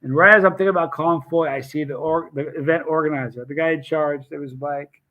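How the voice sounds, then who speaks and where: A man hosting a casual live stream, telling animated stories with restarts and acted quotes. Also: on the high side, quick pace, lo-fi sound. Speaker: hot sauce seller and channel host.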